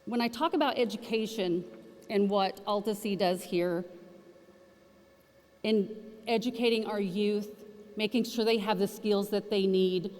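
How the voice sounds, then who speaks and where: Folksy woman speaker in hall. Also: mid-range voice. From Oklahoma, USA. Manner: folksy, animated storytelling with acted-out quotes. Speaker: featured speaker. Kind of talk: storytelling presentation. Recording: reverberant hall.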